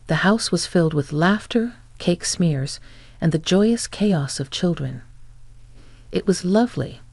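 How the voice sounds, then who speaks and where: A woman in her twenties reading a scripted first-person story in a steady, even manner. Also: fairly low pitch, unhurried, vocal fry, dry recording. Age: 20s. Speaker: narrator.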